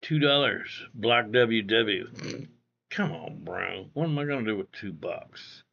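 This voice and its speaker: A man's voice: fairly low pitch, lively intonation, unhurried, gravelly, sharp tone, highs cut off. A man streaming live, reading viewer comments in a blunt, profane way, repeating himself and calling people bro. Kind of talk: casual livestream chat reading viewer comments.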